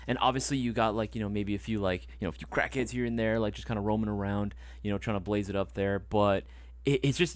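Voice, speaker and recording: A man hosts a casual live stream, talking at a rapid clip. He tells stories with animated energy and swears freely. The sound is dry and close. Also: on the low side, no room sound. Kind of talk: casual livestream chat.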